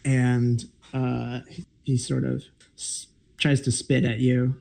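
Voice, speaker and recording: A man narrating as game master of a tabletop game, talking haltingly with many fillers. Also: mid-range voice, flat delivery, vocal fry, mellow.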